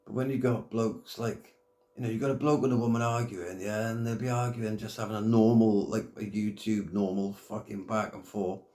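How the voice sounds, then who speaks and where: A middle-aged man holding forth in a blunt, foul-mouthed rant, his voice sitting fairly low. The sound bounces around an echoey room. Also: little pitch movement, normal speed, dark tone. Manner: blunt, heavy swearing, blokey slang. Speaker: YouTube commentator. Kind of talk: casual rant to camera.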